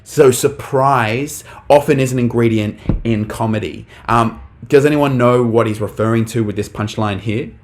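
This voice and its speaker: A man's voice: medium pitch, moderate pace, hardly any pauses, slight background noise. A young man teaching a live online English lesson, talking casually to the chat with lots of fillers.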